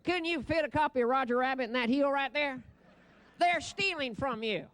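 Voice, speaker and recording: A man's voice: very high voice, moderate pace, a bit bright. A man giving a comic, ad-libbed stage presentation at a convention. He talks into a podium microphone, rambles brashly and laughs at his own jokes.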